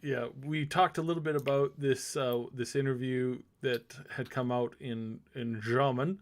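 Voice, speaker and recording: A man co-hosts a casual podcast in a mid-range voice with fairly even intonation and an unhurried pace. He talks at length and rambles, restarting often and filling gaps with fillers.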